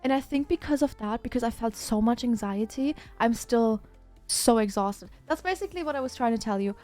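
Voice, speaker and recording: A woman's voice: fairly high pitch, lively intonation, a little fast, darkish tone, soft background music. A woman livestreamer chatting casually, telling a rambling story with lots of fillers and restarts.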